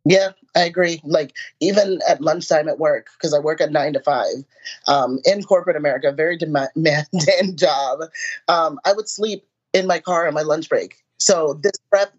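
A woman powerlifter talking in a casual interview, animated and self-mocking, laughing as she tells stories. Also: deep voice, normal speed, breathy edge. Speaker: powerlifter guest. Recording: muffled lo-fi audio.

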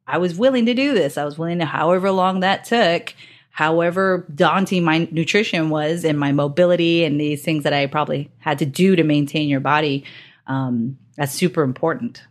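A woman's voice: sits low, normal speed. A woman interviewing an athlete in a casual chat, friendly and rambling, laughing often.

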